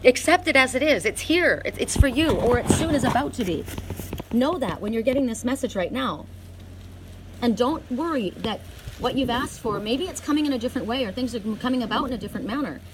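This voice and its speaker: A middle-aged woman doing an oracle card reading outdoors in the cold, talking earnestly and emphatically with bursts of excitement. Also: a little high, a little fast, background noise.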